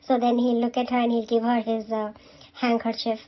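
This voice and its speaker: A chatty woman, recapping a serial episode at a fairly high but level pitch. She fills her talk with "uh" and "you know" and turns to scold or cheer the characters directly. The recording is a little dull and lo-fi. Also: little pitch movement, fairly quick.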